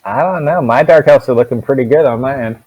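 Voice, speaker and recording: A man's voice: medium pitch, a little fast, a little mellow, muffled recording, a little hiss or hum. A young man running a tabletop game as dungeon master, joking with his players.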